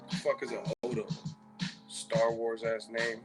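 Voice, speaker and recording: A man's voice: medium pitch, fairly even intonation, unhurried, long pauses, fairly bright tone, faint music behind. A man hosting a live-stream chat, rambling and profane as he riffs on viewer comments. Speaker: host.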